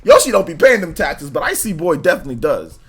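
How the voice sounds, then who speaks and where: A man's voice: fairly high pitch, very animated, quick pace, husky. A young man hosting a livestream in casual chat, reading donations with laid-back slangy banter and frequent laughter. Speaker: livestream host.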